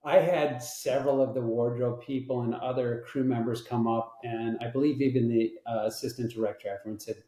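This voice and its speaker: A middle-aged man, a guest on an interview show, telling a story in a casual, lively, profane way and acting out the people in it. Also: medium pitch, a little fast, hardly any pauses. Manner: animated, profane, acts out the people in his stories. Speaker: interview guest, veteran and film technical advisor. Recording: roomy echo.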